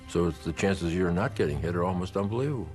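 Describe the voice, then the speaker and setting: A man's voice: deep voice, fast, darkish tone, soft background music. A man interviewee speaking earnestly and admiringly.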